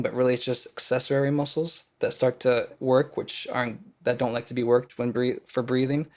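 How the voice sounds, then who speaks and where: A young man from Wisconsin, an actor and podcast guest, telling personal stories in loose, rambling casual talk and acting out his own past panic in quoted lines. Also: mid-range voice. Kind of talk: casual storytelling conversation.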